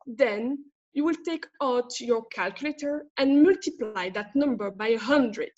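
A woman's voice: fairly high pitch, a little slow, a little mellow. Woman reading a blunt legal clerk, French accent. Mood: indignant. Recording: dull lo-fi audio.

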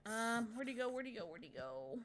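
A woman's voice: a little high, big pitch swings, fairly quick, a bit bright, slight background noise. A woman playing a co-op horror game with friends, calling out items and narrating her moves with giggles. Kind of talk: casual gaming chat.

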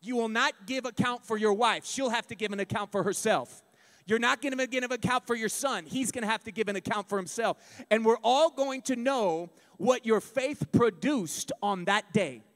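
A male pastor preaching a sermon, emphatic and building to shouts. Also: sits high, moderate pace. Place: church sanctuary. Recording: long reverb of a church hall.

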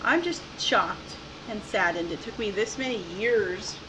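A woman's voice: medium pitch, a little slow, noisy background. A woman casually commenting on her gameplay at home, giggly and playful, recorded through a laptop mic. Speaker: game streamer. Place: home room. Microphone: laptop mic, headphones on.

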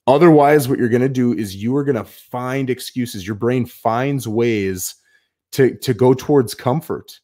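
A man's voice: mid-range voice, a little slow. A middle-aged man hosting a live show, casually talking viewers through his schedule in a coaching tone, often adding "man" and "right?". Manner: lively, swings between bursts and mumbled asides. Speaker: show host. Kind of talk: live walkthrough of his planning.

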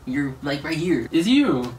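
A man's voice: on the high side, sing-song, measured pace, darkish tone, recorded from a distance, slight background noise. A young man co-hosting a couple's vlog, chatting casually and teasing through a party game, laughing often. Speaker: co-host of a couple channel.

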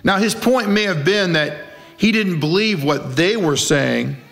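A man's voice: high voice, animated, unhurried, creaky, fairly bright tone. A male pastor preaching a conversational sermon, asking rhetorical questions and acting out quoted lines in character voices. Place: church.

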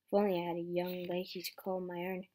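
A young woman voicing a lonely grown male horse, speaking low and wistfully. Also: little pitch movement, fast talker, dark tone, natural voice.

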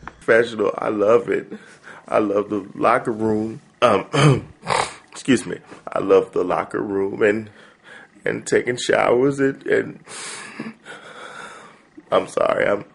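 A man playing a nervous, overemotional basketball player recording a dating video in a comedy sketch, halting with lots of ums. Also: fairly low pitch, steady tone, gravelly, husky, heavily acted. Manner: halting, full of ums, breaking into tearful wailing.

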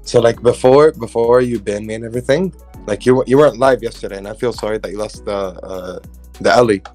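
A man calling in over voice chat, teasing the host in a loud voice. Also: lowish voice, fairly quick, faint music behind. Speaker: caller on voice chat. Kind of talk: casual voice-chat banter.

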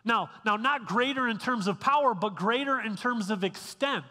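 A man with a high, bright voice preaches a sermon in a church sanctuary. He talks conversationally, stumbling over restarts and tossing in quick checks with the room. The sound carries a long reverb from the hall. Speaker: pastor.

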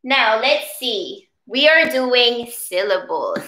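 A woman leading a preschool circle-time lesson, speaking patiently and encouragingly with drawn-out words for small children. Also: on the high side, sing-song, bright, forceful tone. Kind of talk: slow, sing-song preschool lesson.

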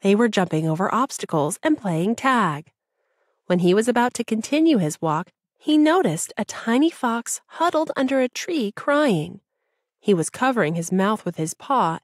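A woman narrating a children's audiobook in an expressive storytelling voice. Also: a little high, unhurried, no room sound, clean studio sound.

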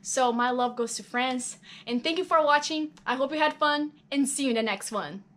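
A woman's voice: sits high, normal speed, fairly bright tone. A woman hosting a table-read video who talks in a cheerful, upbeat way. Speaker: video host.

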